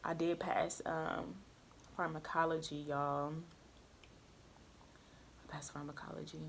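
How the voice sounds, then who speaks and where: Slight background noise sits behind a young nursing student's low, gravelly voice as she speaks slowly. She recounts her story candidly and animatedly, cursing heavily in a casual storytelling chat.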